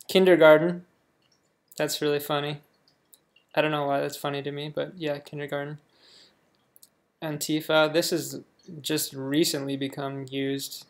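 Slow, gravelly young American man. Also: a little high, fairly bright tone. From United States. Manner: reads words aloud and reacts offhandedly. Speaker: vlogger. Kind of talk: casual reaction video.

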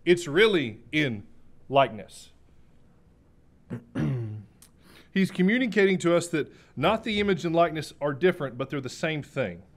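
A man delivering a sermon in a voice that sits a little higher than most men's. He is emphatic and repeats key phrases. He slows down to stress his main points and clears his throat from time to time. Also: sing-song. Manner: clears throat now and then. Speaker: preacher.

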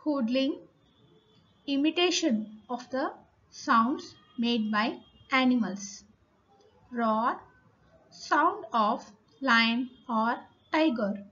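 A woman's voice: sits high, animated, drawn-out words, long pauses, a bit bright. A woman teacher explaining a poem to school children, going carefully through meanings and repeating word lists. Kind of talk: recorded English lesson for school children. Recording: slightly dull, lo-fi recording.

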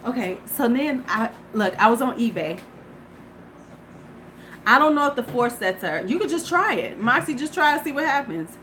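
A middle-aged woman livestreaming from her porch, chatting with viewers in a loose, salty way. Her voice sits a little high. A faint hiss of ambient noise runs under the recording. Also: sing-song, normal speed, fairly bright tone, rough recording. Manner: chatty, profane, talks straight to viewers. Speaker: beauty vlogger. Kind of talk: casual livestream chat. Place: home porch.

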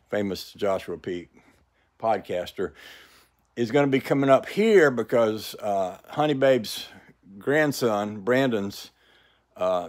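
An older man vlogs outdoors by his house, rambling in a casual, folksy way while sounding tired and a little out of breath. His voice is fairly low and a little mellow.

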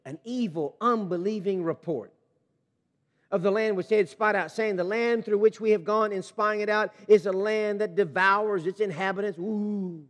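A man preaching a sermon as pastor, reading scripture and commenting with animated emphasis. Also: high-pitched, moderate pace, in a large hall. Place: church sanctuary.

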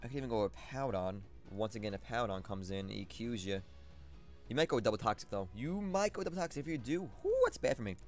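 A young man giving live gameplay commentary, thinking aloud and talking to his opponent with excitable swings of energy. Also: fairly low pitch, quick pace, faint music behind. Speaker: competitive battle commentator.

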